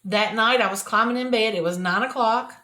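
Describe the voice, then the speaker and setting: An older woman, sharing a personal devotional talk from her office in an earnest, repetitive, often soft-spoken way. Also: on the high side, a little fast. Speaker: Christian video host. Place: private office at work.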